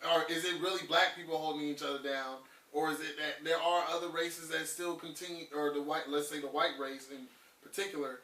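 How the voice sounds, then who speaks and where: A man's voice: on the high side, fairly even intonation, a little fast, sharp tone. Emphatic young man, roomy distant sound. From Brooklyn, New York. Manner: emphatic, gets heated and rhetorical. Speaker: host. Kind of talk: casual discussion chat.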